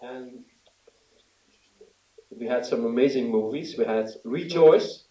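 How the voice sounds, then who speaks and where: A man presenting an award at a ceremony, speaking haltingly with many filler pauses; recorded in an event venue from a distance. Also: medium pitch, heavy background noise. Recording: roomy, distant, dull sound.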